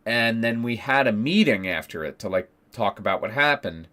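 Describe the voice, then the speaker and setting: A man's voice: mid-range voice, animated, moderate pace, pushed and bright. A man telling a story to his stream chat, ranting with heavy profanity and emphatic repeats. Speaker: Twitch streamer.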